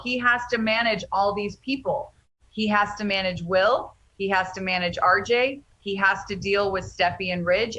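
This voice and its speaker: Excited woman dishing soap spoilers. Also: mid-range voice, rough recording. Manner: excited, dramatic gossiping. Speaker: soap opera spoiler commentator. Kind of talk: scripted spoiler commentary.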